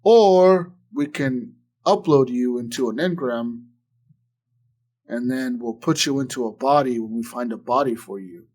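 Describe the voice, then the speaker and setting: A podcast co-host, male, tells a drawn-out, loose story in a relaxed chat, speaking slightly slowly. His pitch stays in an ordinary middle range while he heaps on "like" and swearing and plays out the other people's dialogue.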